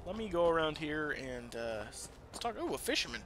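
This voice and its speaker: A man hosting a let's play with casual, crude commentary, swinging between loud excitement and quiet asides. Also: a little high, brisk, noisy background. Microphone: desk microphone that peaks. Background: game audio.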